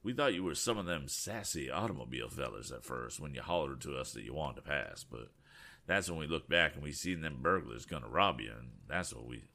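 A man's voice: a bass voice, animated, fairly quick, bright, forceful tone, full character voice. A man voicing a burly, grizzled older farmer who talks in a drawling rural dialect. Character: burly grizzled old male farmer, folksy.

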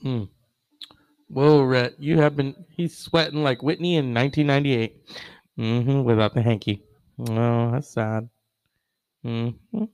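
A man's voice: mid-range voice, a little mellow, no echo, low-quality recording. A man hosting a casual online show, rambling with many fillers and wry asides.

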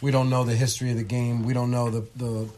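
A man co-hosting a casual podcast, explaining how to handle coaches in a steady, instructive way. His voice sits at a mid pitch and he speaks conversationally. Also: quick pace, slight background noise. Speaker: podcast co-host, basketball referee.

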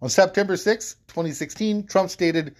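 A man's voice: high voice, moderate pace. A man hosting a podcast, reading a legal document aloud and breaking off for wry, sarcastic asides. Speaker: podcast host.

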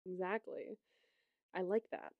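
A woman's voice: fairly low pitch, a little slow, no echo, phone-quality sound. Giggly woman recapping a cartoon, dry mic. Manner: chatty and giggly, full of fillers and restarts. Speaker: podcast co-host. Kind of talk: casual episode recap chat.

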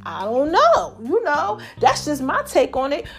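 Female podcast host, high voice, loose and chatty, frequent laughter, faint music bed under her. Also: unhurried, creaky. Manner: chatty and animated, laughs often, calls listeners y'all and baby. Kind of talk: casual monologue to listeners.

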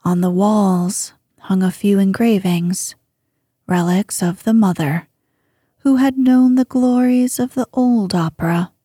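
A woman narrates a bedtime sleep story close to the mic, her soothing, hushed voice often dropping to a whisper. Her voice is mid-range and husky, with no echo.

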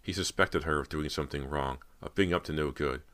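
A man narrating a horror audiobook in an even, measured way. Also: extremely low pitch.

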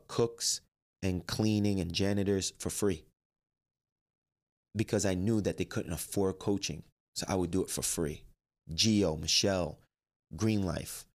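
A man with a low, gravelly voice tells a personal story. He talks animatedly and acts out the conversations as he goes, with his own lines and everyone else's. The crackly fry in his voice stays through the whole story. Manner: animated, quotes himself and others in dialogue. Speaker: life coach and trainer.

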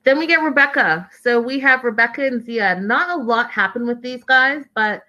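A woman's voice: on the high side, normal speed, sharp tone, muffled recording. A woman giving a casual, opinionated recap of a reality TV show, stressing points by repeating words.

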